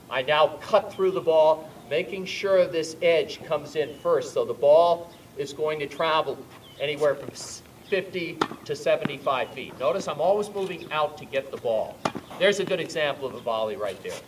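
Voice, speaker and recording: On an outdoor court, a tennis instructor explains volleys while demonstrating shots, hitting balls and calling out coaching pointers in bursts of louder coaching. His voice is on the high side and animated at normal speed, recorded with a distant mic and a little hiss or hum.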